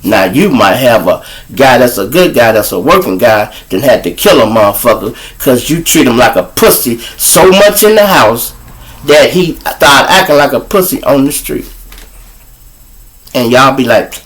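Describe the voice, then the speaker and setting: A man's voice: medium pitch, very animated, moderate pace, fairly bright tone. A man hosting a live show, telling crude, preachy comic stories. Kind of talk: profane comic storytelling.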